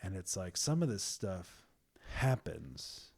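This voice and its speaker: Lowish casual man talking faith. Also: takes it slowly, creaky, slightly rough. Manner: animated, acts out quotes with sudden whispers.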